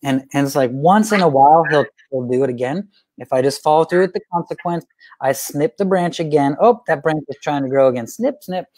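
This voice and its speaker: A man teaching about parenting in a conversational way, an animated storyteller who repeats phrases for emphasis. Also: a little high, a little fast, dry recording. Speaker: guest speaker on parenting.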